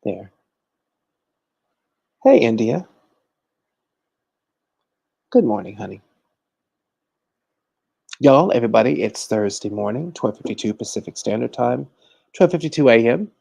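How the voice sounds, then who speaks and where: A man's voice: mid-range voice, very animated, measured pace, gravelly, pauses often, warm tone, dry recording. A man hosting a casual livestream, chatting and teaching, greeting viewers by name and calling everyone honey. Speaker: livestream host and conjure teacher.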